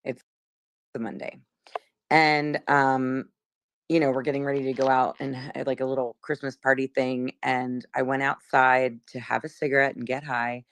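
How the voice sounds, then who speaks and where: A woman's voice: rumbling low, little pitch movement, moderate pace, smooth, no echo. A woman in her forties from South Jersey, casually recounting what she saw, chatty and rambling with many fillers. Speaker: witness.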